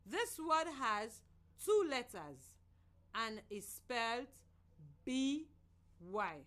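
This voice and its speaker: A woman from Sierra Leone teaching a children's reading lesson on the radio in a slow, clear, sing-song voice. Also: fairly high pitch, sing-song, a bit bright.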